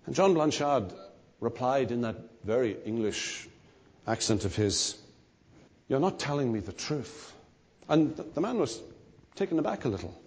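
A man preaching a sermon, emphatic and animated, his emphasis rising and falling. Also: fairly high pitch, breathy edge. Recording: long hall reverb.

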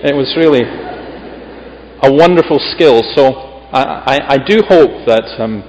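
A man's voice: medium pitch, measured pace, a little mellow, big-room sound, highs cut off, a little hiss or hum. A man with a Scottish accent preaching as a visiting preacher in a church. He reads scripture with emphasis and adds chatty, humorous asides. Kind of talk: sermon.

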